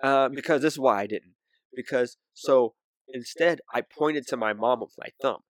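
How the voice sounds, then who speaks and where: A man's voice: medium pitch, normal speed, no room sound. A young man co-hosting a podcast, telling a story in a casual, rambling way with many fillers. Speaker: podcast co-host.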